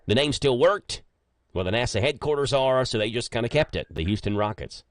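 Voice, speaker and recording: Man, radio host, joking storyteller, lively swooping pitch, dry close studio sound. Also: brisk, no echo. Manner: chatty, joking, animated storyteller. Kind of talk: casual morning radio chat. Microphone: studio microphone.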